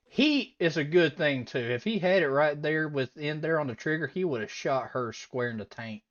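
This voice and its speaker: Animated woman reacting with disbelief. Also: low voice, moderate pace, highs cut off. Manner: animated, incredulous, breaks into laughter. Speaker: reaction video host. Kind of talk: casual reaction commentary.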